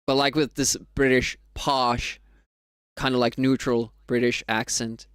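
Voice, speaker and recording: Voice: medium pitch, level tone, unhurried, clear, resonant tone, no echo, studio quality. A streamer from Finland with a Finnish accent and Finnish as a first language, chatting casually with viewers on a live speedrun stream, rambling and laughing often.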